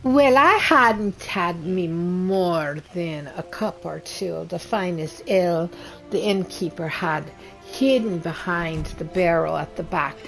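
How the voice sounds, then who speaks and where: A woman's voice: fairly low pitch, takes it slowly, gravelly, a bit bright, low-quality recording. A woman playing a wood elf character in a game, telling a rambling tavern story that trails off and restarts. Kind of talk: in-character game role-play. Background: game music.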